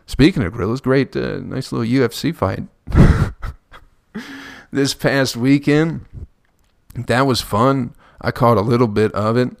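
A man's voice: mid-range voice, unhurried, gravelly, no room sound, clean studio sound. A man hosting a podcast, rambling through a profane comedic monologue and laughing at his own jokes. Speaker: podcast host.

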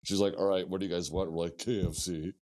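A man's voice: deep voice, quick pace. A man from Missouri, a podcast guest, telling casual stories full of swearing and acted-out quotes. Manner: profane, animated anecdotes with acted-out quotes. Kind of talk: casual storytelling.

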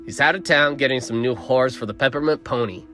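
A man's voice: medium pitch, a little fast, sharp tone, faint music behind, lightly acted. A man voicing a coarse, menacing sheriff who mocks and growls. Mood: mocking menacing. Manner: mocking, growling, crude.

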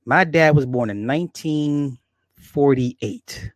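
A man in his forties with a slightly high voice takes his time as he hosts a casual livestream, recorded dry at studio quality. Reading viewer comments, he rambles, curses, laughs frequently and talks right to his audience.

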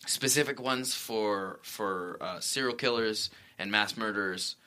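A man's voice: fairly low pitch, unhurried, sharp tone. A man, an actor guest, telling stories in a rambling, self-correcting way on a casual talk show. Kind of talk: casual interview chat.

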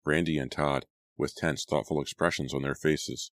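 Very deep-voiced male audiobook narrator. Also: steady tone, moderate pace, no room sound.

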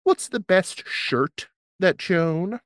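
A woman's voice: on the low side, takes it slowly, no room sound. A woman hosting an interview, reading out numbered questions and joking with her guest. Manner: lively, jokey, reads numbered questions. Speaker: interview host.

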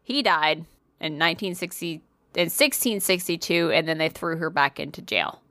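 A deep-voiced woman, bright and forceful, talks at normal speed as she co-hosts a podcast. Telling a story casually, she swears without restraint, laughs frequently, and mocks herself. Studio-quality audio, no echo.

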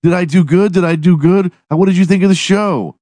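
A man squeaking as an eager little girl. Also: fairly quick, dark tone, no echo, natural voice. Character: excited little girl, six, proud ballerina.

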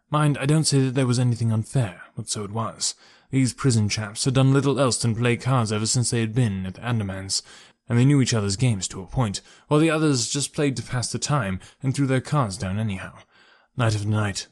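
A man narrating a first-person story for an audiobook in a measured, even way. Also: medium pitch.

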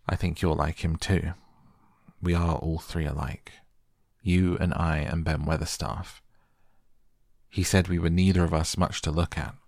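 A man's voice: low voice, gravelly, dry recording, clean studio sound, heavily acted. A man voicing a blunt, stubborn young girl in a storybook reading, plain-spoken and earnest.

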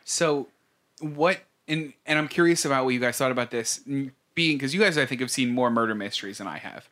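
A man's voice: mid-range voice, fairly quick, a bit bright. A man chats casually on a podcast with his co-hosts. His voice sits in the middle range, and he talks in a thoughtful, questioning way, inviting the others in. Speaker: podcast co-host. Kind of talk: casual chat.

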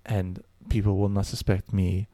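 A man's voice: low voice, flat delivery, normal speed, dark tone, no echo, close to an everyday voice. A man voicing a stern, no-nonsense German woman teacher in her fifties, talking curt and bossy in a German accent. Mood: commanding. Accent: German, put on.

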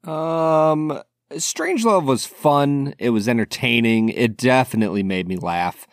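A man's voice: medium pitch, a little slow, no echo, studio quality. A man co-hosting a podcast, talking easily about films and laughing often. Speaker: podcast co-host. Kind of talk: casual chat about films.

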